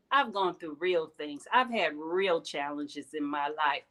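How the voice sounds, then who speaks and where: Middle-aged woman, host, bright voice, earnest candid motivational talk, emphatic rises. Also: on the low side, sing-song, slow, few pauses, rough recording. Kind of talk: heartfelt motivational talk to viewers.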